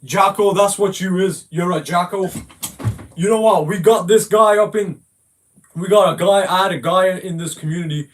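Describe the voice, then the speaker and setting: High-voiced man trash-talking. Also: moderate pace. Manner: insulting, profane, mocking. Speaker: gamer in a voice call. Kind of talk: casual trash talk.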